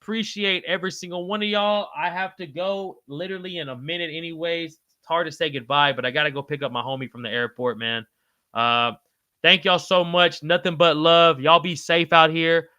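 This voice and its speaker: A man hosting a casual livestream, reading out comments and shouting out viewers in slangy, hyped-up talk. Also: on the high side, clear, resonant tone, no echo. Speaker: livestream host.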